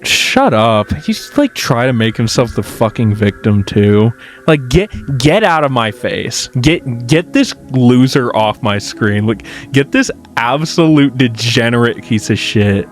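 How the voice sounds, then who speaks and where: A man's voice: medium pitch, animated, measured pace, hardly any pauses, soft background music. A man giving casual reaction commentary on a horror series, ranting in exasperation and swearing, with frequent restarts.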